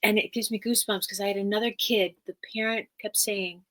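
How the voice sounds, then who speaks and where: A woman's voice: mid-range voice, steady tone, a little fast, few pauses, fairly bright tone. A woman therapist as a podcast guest, speaking earnestly and emphatically in a teaching manner and repeating key phrases.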